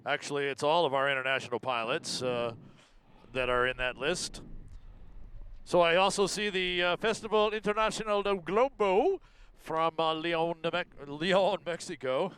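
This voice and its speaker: A man's voice: fairly high pitch, steady tone, moderate pace, fairly bright tone, clear, resonant tone. A man co-commentating a live event, easygoing and adding details. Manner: easygoing, adds details and agrees.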